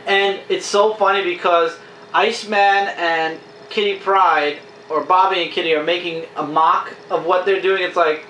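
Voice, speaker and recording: Bright, high-voiced man reviewing comics. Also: steady tone, recorded from a distance. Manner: enthusiastic, acts out comic dialogue in quick quotes. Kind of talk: casual review chat. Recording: echoey room, faint hiss.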